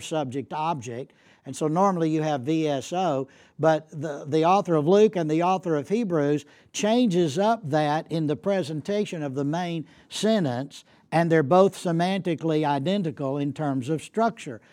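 A man's voice: fairly high pitch, moderate pace, a little mellow. A man giving an academic lecture as a guest speaker, emphatic and repeating key points for effect. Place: lecture hall.

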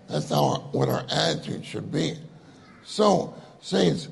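A man's voice: on the high side, vocal fry. A middle-aged man preaching a sermon, telling stories in a jovial way and laughing often. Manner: storytelling, jovial with frequent laughter.

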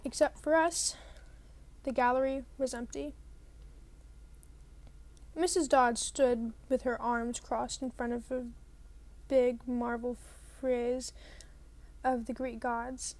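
A woman reading a novel aloud, telling it in a lively first-person way. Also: on the high side, slow pace, long pauses. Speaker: reader.

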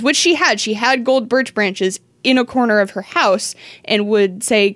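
A young woman co-hosting a casual podcast chat, animated and quick to laugh as she tells a story. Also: a little high, no room sound. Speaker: podcast co-host.

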